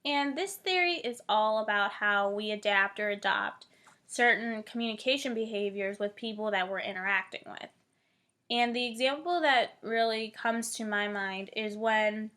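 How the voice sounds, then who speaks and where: A woman's voice: medium pitch, normal speed, pushed and bright. A woman in her twenties from Northeast Ohio, a college student casually explaining a theory, full of "like" and "um" fillers. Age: 20s. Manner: chatty, many "like" and "um" fillers.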